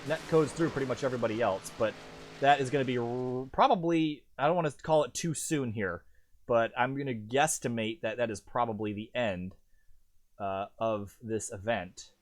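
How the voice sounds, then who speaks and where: Excitable male sim racing commentator. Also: moderate pace, no echo. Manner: chatty and self-deprecating, swings up in pitch on race calls. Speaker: lead race commentator.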